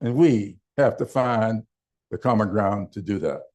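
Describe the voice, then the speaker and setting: Slow, deliberate older man. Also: on the low side, darkish tone. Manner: slow, deliberate oratory with emphatic pauses. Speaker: political speaker. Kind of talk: town hall speech. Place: town hall meeting.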